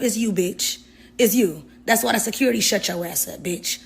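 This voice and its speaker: A woman's voice: mid-range voice, fairly quick, vocal fry, husky. A woman in mocking someone with a string of profane insults. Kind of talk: heated clapback rant.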